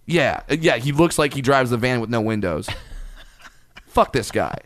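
A man casually telling a profane, animated story in a podcast chat, getting louder and higher as it builds. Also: measured pace.

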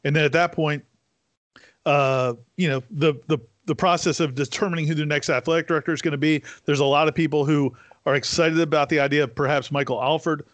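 A man's voice: a little high, fairly even intonation, brisk, no echo. A man co-hosting a sports talk show, giving blunt, rambling analysis with frequent restarts.

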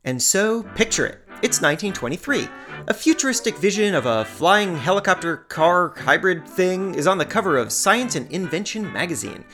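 A woman's voice: on the low side, a bit bright. A woman hosting a podcast, narrating a script with wry, playful asides. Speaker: podcast host.

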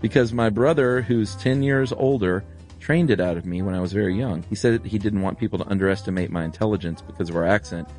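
A man's voice: fairly low pitch, quick pace, darkish tone, soft background music. A man co-hosting a podcast, laid-back, with short dry replies, also reading out listener mail. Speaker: podcast co-host.

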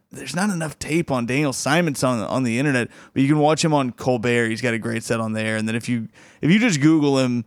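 A man hosting a comedy podcast in a relaxed, chatty way, chuckling often between thoughts. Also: medium pitch, clear, resonant tone, no room sound, clean studio sound. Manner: laid-back, chuckles often, restarts. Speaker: podcast host. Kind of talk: casual podcast chat.

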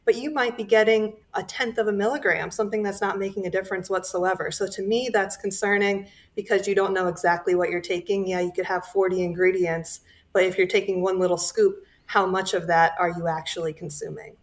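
A woman with a middle-pitched voice speaks as a guest dietitian. She explains things in a measured, plain way, with occasional fillers along the way. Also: steady tone. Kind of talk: explanatory interview clip.

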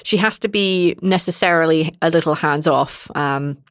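A woman, a dungeon master, chatting casually on a podcast, animated and laughing often. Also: deep voice, moderate pace, no echo, clean studio sound.

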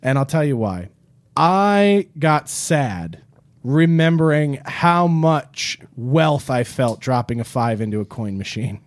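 A man co-hosting a casual podcast, telling animated stories and swearing freely. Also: medium pitch, takes it slowly, no room sound. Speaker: podcast co-host.

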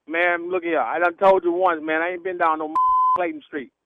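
Prank call target, male, dismissive and swearing, high voice, dead-dry muffled phone sound. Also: fairly even intonation, moderate pace, no room sound.

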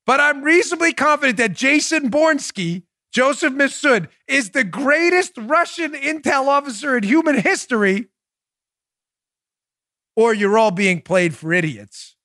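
Sarcastic man, high bright voice. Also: measured pace, dry recording, studio quality. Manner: mocking, animated, laughs at own jokes. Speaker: podcast host. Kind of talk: sarcastic political commentary.

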